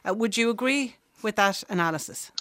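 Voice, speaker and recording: Fast, brisk woman radio presenter. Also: mid-range voice, a bit bright, no room sound, clean studio sound. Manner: brisk, interrupts to keep time. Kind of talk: live radio interview.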